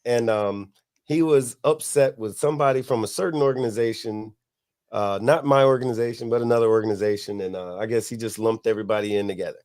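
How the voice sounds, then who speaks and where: A middle-aged man, hosting a podcast and telling a long, profane story in a relaxed way, laughing as he goes. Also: fairly low pitch, quick pace. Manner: laid-back, profane, laughs at his own story. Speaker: podcast host. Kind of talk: casual storytelling.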